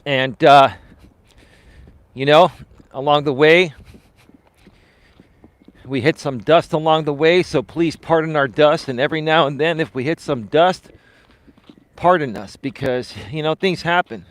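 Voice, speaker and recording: A man's voice: on the high side, unhurried, long pauses, dry recording. A man, a life coach, talking earnestly to viewers on a live stream while out walking, repeating himself for emphasis. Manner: earnest, repetitive, motivational, addresses viewers as folks. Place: outdoors, walking.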